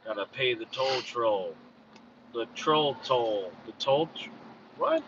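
A man's voice: medium pitch, animated, slow, fairly bright tone, distant mic, muffled recording, a little hiss or hum. A man joking and teasing in casual chat during a car ride.

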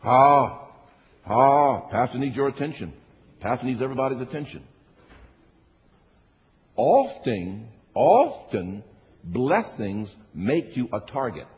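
A man's voice: medium pitch, sing-song, measured pace, long pauses. A male pastor preaching a sermon to his congregation, working the room with repeated phrases and call-and-response. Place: church sanctuary. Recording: echoey church hall, dull lo-fi sound.

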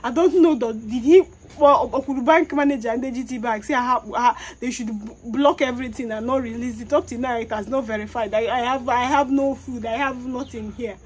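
A woman's voice: a little high, fairly even intonation, a little fast, hardly any pauses, husky. A woman with a Nigerian accent, crying as she desperately begs and repeats herself in a public appeal. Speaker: mother pleading publicly.

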